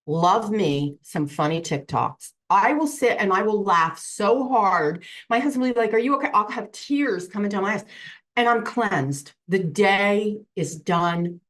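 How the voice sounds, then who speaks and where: Brief: expressive woman guest, talks with big pitch swings, acts out what people said. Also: measured pace. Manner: animated storyteller, acts out quotes, laughs easily. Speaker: psychic medium guest. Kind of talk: casual interview chat. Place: home room with crystals on shelves.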